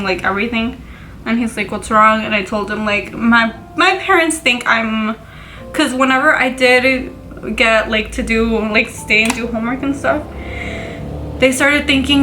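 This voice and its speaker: A woman's voice: on the high side, sharp tone, poor audio. A young woman, candidly retelling a painful personal story in a profane, emotional vlog. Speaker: vlogger.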